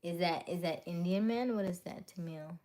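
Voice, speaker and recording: A woman's voice: lowish voice, moderate pace, dark tone. A woman hosting a casual livestream, chatting with viewers and answering their comments, often laughing. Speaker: livestream host. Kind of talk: casual live chat with viewers.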